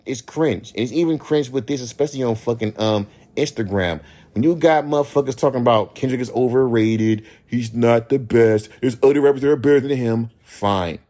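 A man's voice: normal speed, mellow. A man who raps, ranting heatedly on his solo podcast, swearing often and mocking his critics. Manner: imitates critics in a higher voice. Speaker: rapper and podcast host.

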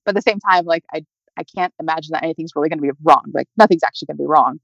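A young woman tells her own story as an interview guest, speaking quickly and filling her sentences with casual fillers. The recording is dull and lo-fi, with a dry sound and no room echo. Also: low-pitched. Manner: chatty, many fillers like "like" and "you know". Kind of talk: personal storytelling.

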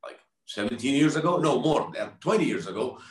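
A man from Kuwait in his forties, chatting as a podcast guest and acting out his friends' voices in lively stories. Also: medium pitch, brisk, roomy sound, distant mic. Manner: animated storyteller, acts out friends' voices. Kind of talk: casual podcast chat.

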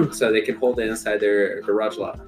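A man's voice: on the low side, animated, moderate pace, a little mellow, soft background music. A young man in casual chat, telling a loose, profane story among friends.

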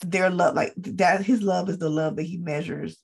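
A woman co-hosting a podcast, chatting casually about a show in a relaxed, agreeable way with many fillers. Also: on the low side, normal speed, gravelly. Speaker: podcast co-host. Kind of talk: casual chat recapping a TV show.

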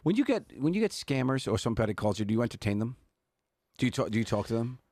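A man's voice: mid-range voice, quick pace, no echo, clean studio sound. A man co-hosting a podcast, casually telling rambling stories. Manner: rambling storyteller, animated bits. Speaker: podcast co-host. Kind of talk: casual chat.

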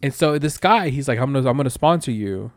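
Speaking fast in a mid-range voice with no echo, a young podcast co-host tells a meandering story in casual conversation. His delivery is animated and crowded with filler words.

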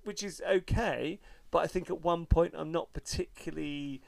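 A man's voice: fairly high pitch, normal speed, creaky, dry recording. A middle-aged man, a podcast co-host, telling stories in a wry, self-mocking way and swearing freely in casual chat.

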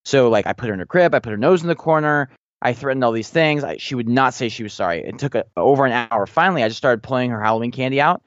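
A man's voice: medium pitch, expressive, quick pace, no room sound, lo-fi sound. A man in his thirties, a podcast co-host, chatting casually and telling rambling parenting stories with many restarts. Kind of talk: casual chat.

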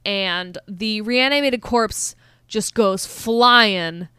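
A woman's voice: medium pitch, extremely slow, clean tone, dry recording, studio quality. A young woman co-hosting a podcast, recapping a film in casual chat, gushing and acting out quotes with lots of filler words. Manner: gushing, animated, acts out quotes with many filler likes. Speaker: podcast co-host.

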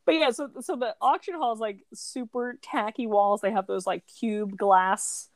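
A woman's voice: fairly high pitch, moderate pace, dry recording. Chatty woman podcaster, dry close sound. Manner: chatty, filler-heavy, swears casually, laughs often. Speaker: podcast co-host. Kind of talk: casual chat.

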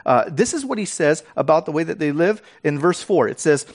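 A man preaching a sermon, reading scripture dramatically and explaining it in a casual, animated way with fillers and restarts. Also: a little high, brisk, hardly any pauses.

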